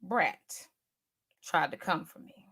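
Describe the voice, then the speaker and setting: A woman's voice: sits low, animated, slow pace, vocal fry, bright, forceful tone, slightly rough. Chatty, slangy woman hosting a livestream. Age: 40s. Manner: chatty, slangy, teasing, talks straight to the chat. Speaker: livestream host. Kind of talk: casual livestream chat.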